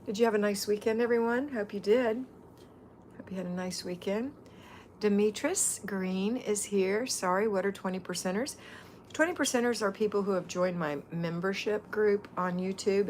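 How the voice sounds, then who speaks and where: A woman's voice: fairly low pitch, darkish tone, a little hiss or hum. A middle-aged woman hosting a casual livestream, chatting and greeting viewers by name as a home-organizing mentor.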